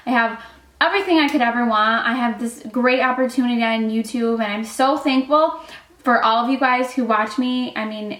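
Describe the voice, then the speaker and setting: A young woman chatting in a gushing, filler-heavy way in a casual beauty vlog. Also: on the high side. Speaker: beauty YouTuber. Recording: echoey room.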